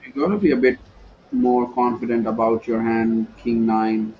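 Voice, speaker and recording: A man's voice: mid-range voice, fairly even intonation, normal speed, muffled recording, slight background noise. A man calling a live poker broadcast, mixing play-by-play with playful banter. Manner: playful, joking banter between hands. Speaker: poker commentator. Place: commentary booth at a poker event.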